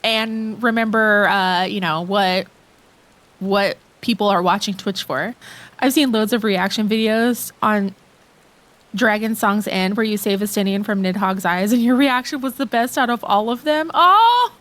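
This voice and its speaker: A woman's voice: medium pitch, unhurried, a bit bright. A woman streaming a game live, chatting with viewers in a gushing, giggly, rambling way into a desk mic.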